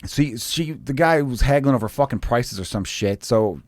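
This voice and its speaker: A man in his thirties telling profane, animated stories as a comedian guest on a casual podcast. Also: mid-range voice, normal speed. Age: 30s.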